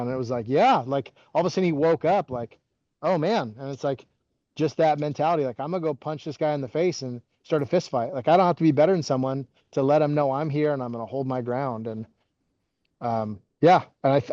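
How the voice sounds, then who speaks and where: A podcast guest in his forties, a former wrestling coach, tells stories in a casual interview in a mellow, relaxed, mid-range voice. He rambles, using "like" constantly and restarting often. The recording is dry and a little dull with no room sound, as if made on modest gear.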